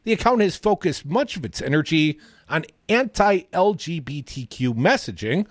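A man co-hosting a talk radio show, opinionated and sarcastic, with animated swings in his delivery. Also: a little high, normal speed, no room sound, clean studio sound. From Madison, Wisconsin. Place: radio studio.

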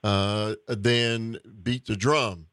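A man hosting a call-in radio talk show, speaking in a measured way with frequent pauses and restarts. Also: on the low side, fairly even intonation, a bit bright, smooth, no echo, studio quality.

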